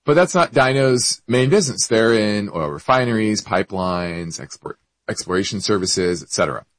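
A man's voice: on the low side, lively intonation, moderate pace, no room sound, low-quality recording. A man hosting an investment show, explaining markets and answering a listener's question, with hiccups and frequent self-corrections.

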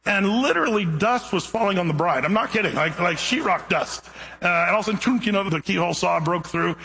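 A middle-aged male pastor preaching a sermon, telling a funny story in a lively, animated way before reading scripture. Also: sits high, fast talker, vocal fry, slightly rough, poor audio.

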